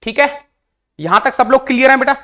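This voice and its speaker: A man's voice: extremely high pitch, very fast, bright, forceful tone. A male engineering teacher with an Indian English accent giving an online exam-prep lecture, repeating questions and coaxing the class in a mix of English and Hindi.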